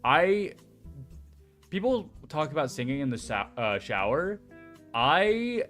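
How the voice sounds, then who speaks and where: A young man chatting casually as a streamer, excitable and swearing freely. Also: a little high, slow, soft background music. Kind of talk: casual chat.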